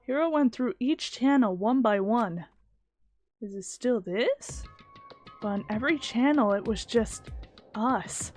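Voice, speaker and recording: A woman streamer reading a visual novel game aloud in an expressive, puzzled way. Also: a little high, takes it slowly, faint music behind. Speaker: let's play streamer.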